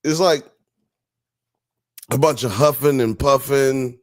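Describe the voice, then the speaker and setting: A man's voice: mid-range voice, takes it slowly, dry recording. A man hosting a live-streamed talk show, chatting casually and profanely, joking with the audience and reading chat comments aloud.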